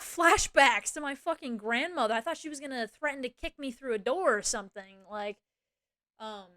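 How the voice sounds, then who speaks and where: Telling her stream chat about a workplace fight, a young woman rants casually with lots of swearing and plenty of "like" and "you know." Her fairly high voice has a clear, resonant tone and speeds up in animated bursts whenever she quotes what she said, captured in a dry, clean studio recording.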